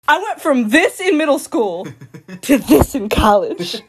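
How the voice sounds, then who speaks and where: A woman's voice: sits high, sing-song, unhurried, slight background noise. A woman hosting a casual drawing video, chatting in a playful, giggly, self-mocking way. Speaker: artist and video host.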